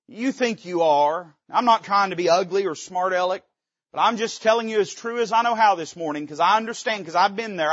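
A middle-aged man, a pastor preaching a sermon from the pulpit, swinging from loud, rising climaxes to hushed, low lines. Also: husky, no echo, lo-fi sound. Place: church sanctuary.

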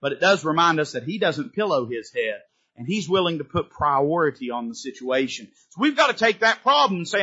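Male pastor, impassioned pulpit sermon, husky voice, fairly high pitch, dull lo-fi church recording. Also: very animated, brisk, pushed and bright. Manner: impassioned preaching with big pitch swings. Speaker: Baptist pastor. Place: church sanctuary.

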